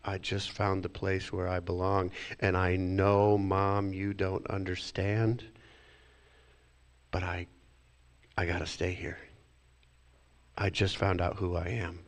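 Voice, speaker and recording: A man's voice: sits low, monotone, slow pace, creaky, pauses often, full character voice. A man as an earnest little duckling. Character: young duckling, earnest and certain.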